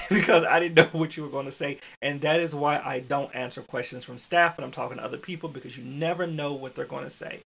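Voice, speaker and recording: This podcast host speaks fairly quickly in a fairly high, steady voice that's creaky, husky, and a bit bright. An adult man and father, he chats casually through a work story, says "y'all" to his listeners as he addresses them directly, and uses mild profanity.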